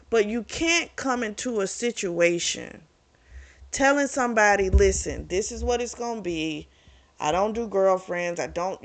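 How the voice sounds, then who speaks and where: A young woman casually recapping and reviewing a romance novel, chatty and frank, swearing freely and talking straight to her viewers. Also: medium pitch. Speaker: book club vlogger.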